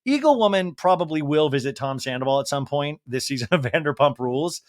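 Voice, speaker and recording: A man's voice: a little high, animated, fairly quick, dry recording, clean studio sound. A male podcast host giving a comedic reality TV recap, mocking and profane.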